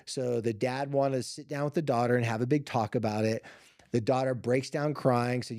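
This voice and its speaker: Casual storytelling man, warm dry sound. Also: medium pitch, brisk, no echo. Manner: casual, lively retelling with quoted voices and filler words. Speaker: podcast host. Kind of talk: storytelling monologue.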